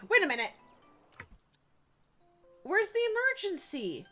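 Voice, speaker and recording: A young woman streams a game in a high voice that swoops up and down. She talks in an unhurried way, reacting to the game and chatting with her viewers. Soft music plays faintly behind her. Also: big pitch swings, rough recording. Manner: chatty, reacting to the game and reading chat aloud. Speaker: live streamer. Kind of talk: casual gameplay commentary.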